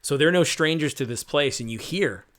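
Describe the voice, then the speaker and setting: A man's voice: a little high, normal speed, fairly bright tone. A man running a tabletop game as game master, setting cinematic scenes in a casual, filler-laden way.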